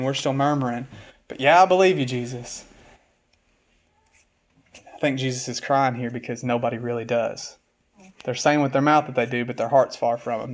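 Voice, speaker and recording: A man preaching a sermon as pastor, reading scripture aloud and slowing down to stress key words, then building up with repeated phrases. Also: mid-range voice.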